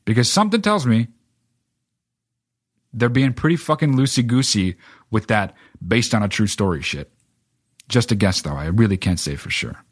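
Husky low-voiced man ranting profanely. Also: lively intonation, moderate pace, pauses often, no echo, clean studio sound. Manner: profane, rambling, many filler words. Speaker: podcast host. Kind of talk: casual solo film rant.

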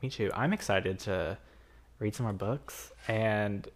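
A woman's voice: very deep voice, takes it slowly. A young woman co-hosting a podcast in casual chat, eager and upbeat, often answering in short replies. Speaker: podcast co-host.

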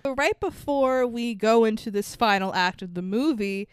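A woman co-hosting a podcast in casual chat, animated, laughing often and swearing freely. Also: on the high side, normal speed, smooth, no room sound. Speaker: podcast co-host.

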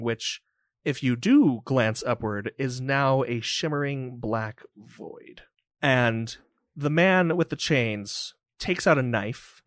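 Slow, vivid game-master narration, man. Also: mid-range voice, dry recording, studio quality. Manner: vivid, descriptive, loose with fillers.

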